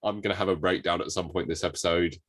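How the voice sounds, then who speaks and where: A man's voice: low-pitched, fairly even intonation, fast talker, husky, no echo. A young man from England, co-hosting a podcast in joking, self-deprecating chat while ill with covid. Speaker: podcast co-host. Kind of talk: casual chat.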